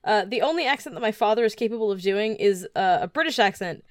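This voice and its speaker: A woman's voice: mid-range voice, animated, fast talker, dry recording. A woman in her twenties co-hosting a podcast over a call, trading dry, sarcastic banter. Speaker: podcast co-host. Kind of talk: casual chat. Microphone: close mic on a call.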